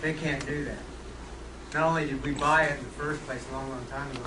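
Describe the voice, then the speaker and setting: A man's voice: mid-range voice, steady tone, a little fast. A man from the audience chiming in with a comment and turning to others for agreement. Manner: interjecting, calls on others. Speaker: audience member. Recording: distant echoey recording with noise.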